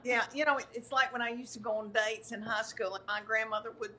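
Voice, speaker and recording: A woman's voice: a little high, little pitch movement, fast talker, pushed and bright. A woman, a comedian telling rambling, self-deprecating stories in casual chat over a video call. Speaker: comedian guest.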